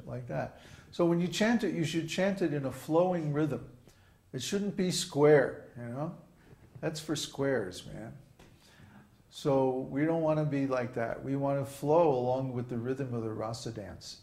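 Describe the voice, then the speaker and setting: A man's voice: mid-range voice, slow, darkish tone. A man giving an informal spiritual talk, chanting examples aloud and often stopping to ask "huh?". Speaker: spiritual teacher. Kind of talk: informal sermon. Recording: roomy echo.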